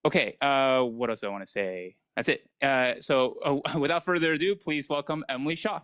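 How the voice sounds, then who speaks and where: Halting man introducing a speaker. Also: mid-range voice, fairly bright tone, clean tone, no room sound. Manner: halting, many uhs. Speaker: workshop host. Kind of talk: event introduction.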